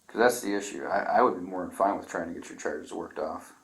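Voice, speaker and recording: A man's voice: low voice, fairly quick, vocal fry, a bit bright. A man interviewing, asking brief, matter-of-fact questions. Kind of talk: casual questioning.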